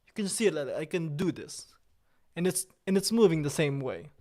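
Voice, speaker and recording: A man hosts a livestream in a slightly raised voice. He chats with viewers in a playful, preening, mock-serious way, with halting, broken sentences and stray French words. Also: on the high side, animated, mellow. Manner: drops in occasional French words. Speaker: livestream host. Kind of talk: casual livestream chat with viewers.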